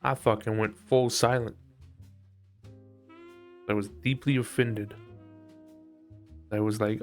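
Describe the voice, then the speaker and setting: A man's voice: on the low side, little pitch movement, measured pace, pauses often, faint music behind. A man live-streaming while he sculpts, chatting casually and joking in a profane, mock-aggressive way.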